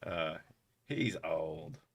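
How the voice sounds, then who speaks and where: A man's voice: extremely low pitch, animated, drawn-out words, gravelly, fairly bright tone. A man from England with a southern English accent, chatting casually on a livestream, swearing freely and laughing often. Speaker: streamer.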